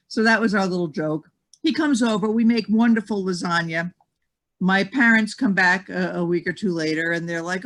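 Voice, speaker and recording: A man's voice: sits high, moderate pace. A man telling a funny story in a casual group chat, acting out the voices. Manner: animated storyteller, acts out voices.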